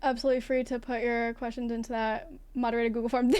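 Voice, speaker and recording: A non-binary streamer with a feminine-sounding voice, talking frankly in a casual livestream chat, swearing now and then and laughing often. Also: female voice, on the high side, flat delivery, fast talker, darkish tone, clear, resonant tone. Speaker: livestream host.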